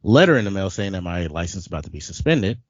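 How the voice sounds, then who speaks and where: A man's voice: sits low, sing-song, quick pace, no echo, highs cut off. A man co-hosting a podcast, telling a long personal story in casual chat, repeating words and laughing often. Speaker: podcast co-host.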